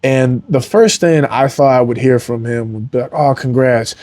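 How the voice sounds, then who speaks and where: This MMA fighter is a young guy on a podcast, opening up in heartfelt interview talk, wandering off track and saying "like" and "man" a lot. He talks at normal speed in a mid-range, slightly mellow voice with no echo.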